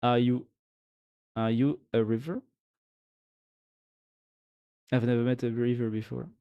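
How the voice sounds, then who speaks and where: A man's voice: mid-range voice, fairly even intonation, normal speed, highs cut off. Male streamer with a French accent, loose and rambling, answers chat and thanks followers, casual live chat. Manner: chatty, reads chat aloud and thanks followers; rambling, with fillers and giggles.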